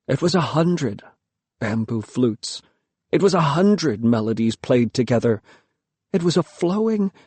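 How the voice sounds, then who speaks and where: A man narrates an audiobook in the first person, lyrical and measured, at a middling pitch. The sound is dry and close, with no room echo. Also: darkish tone.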